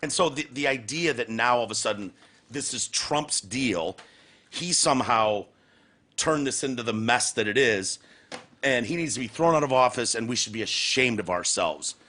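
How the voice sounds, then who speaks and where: Sarcastic profane podcast host, bright voice. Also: male voice, mid-range voice, expressive, moderate pace. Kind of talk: casual chat.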